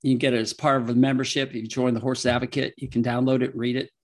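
A man's voice: mid-range voice, little pitch movement, fast talker. A man, a veterinarian and author, answering interview questions casually with rambling, emotional anecdotes and frequent laughter.

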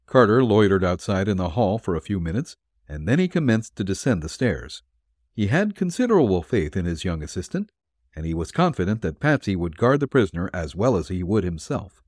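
Lively, husky male storyteller. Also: deep voice, fairly quick, no room sound, clean studio sound. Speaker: narrator. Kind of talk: audiobook narration of a detective serial.

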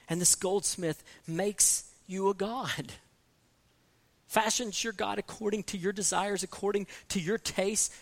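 A man preaching a sermon, repeating key phrases and swinging from soft, low passages to loud, emphatic ones.

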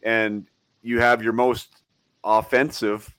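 A male interviewer with a somewhat low voice. He asks long, conversational questions, circling and repeating words before landing the point. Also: little pitch movement, slow pace, fairly bright tone, smooth. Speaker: podcast host, interviewer. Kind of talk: casual interview.

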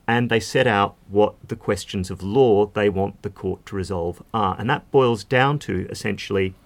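Low-voiced man explaining legal history. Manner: explanatory, fluent, with casual fillers. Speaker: legal expert guest. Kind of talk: podcast conversation.

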